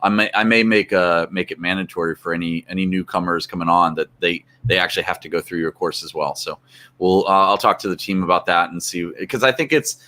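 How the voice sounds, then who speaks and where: A man guesting on a casual show, talking in halting bursts with many repeated words and frequent laughs. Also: sits low, fairly even intonation, bright, forceful tone. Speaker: guest, mastermind group leader. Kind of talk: casual chat.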